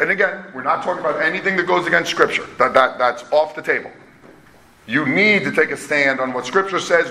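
Man preaching, bright voice, emphatic and chatty, echoey room. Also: on the high side. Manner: conversational, emphatic, self-deprecating. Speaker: pastor. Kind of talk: sermon. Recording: echoey room with faint hum.

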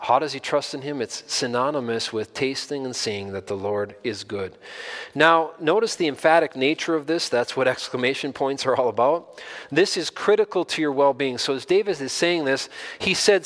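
A man preaching a sermon as a pastor, earnest, stressing key phrases and rising in pitch and volume when he makes a point. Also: animated, fairly quick, fairly bright tone, big-room sound.

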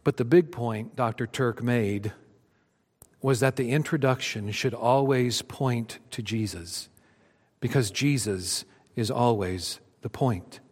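A man's voice: takes it slowly, a little mellow. A man in his fifties, a pastor preaching a sermon to his congregation and reading scripture with dramatic rises and drops. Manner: dramatic scripture reading, rising for cries and dropping low. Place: church sanctuary. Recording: long reverb of a church hall.

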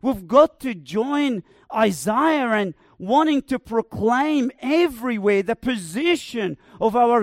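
A male preacher delivers a sermon in a high, unhurried voice. He builds to emphatic proclamations and lingers on repeated words. The sound is dry and close. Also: animated, dry recording. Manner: emphatic, rising to proclaim with slow repeated phrases.

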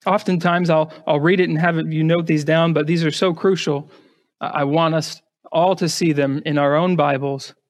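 A man's voice: a little high, steady tone, normal speed. A male pastor preaching an emphatic sermon, putting rhetorical questions to his congregation and often repeating words as he starts a phrase.

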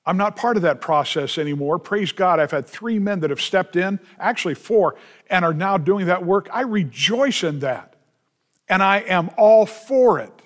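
A man, a pastor, preaching a sermon with emphatic, drawn-out stresses and quick asides to the congregation. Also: high voice, lively intonation, fairly bright tone.

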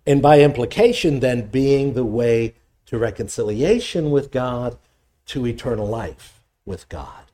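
A man's voice: mid-range voice, unhurried, dark tone. A man preaching a teaching sermon, explaining scripture word by word, with small restarts and rising emphasis when he reads verses aloud. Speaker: pastor. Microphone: presenting with slides on screen.

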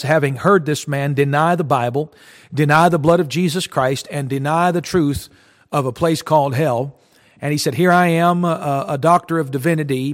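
Earnest male preacher, higher-pitched, storytelling sermon, reverberant hall. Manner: earnest, retells a story with quoted speech.

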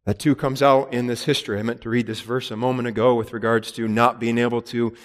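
A man's voice: mid-range voice, flat delivery, fast, long reverb tail. A man preaching a sermon in an earnest, emphatic way, with repeated phrases and rhetorical questions. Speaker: pastor.

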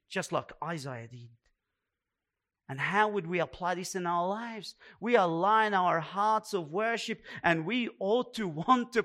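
A man's voice: high-pitched, bright, forceful tone. A man preaching a sermon as pastor, emphatic and repeating words for weight.

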